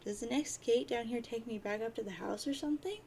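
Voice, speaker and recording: A woman voicing a puzzled, good-natured teenage boy who asks quick, plaintive questions. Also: a little high, gravelly, warm tone, slight background noise.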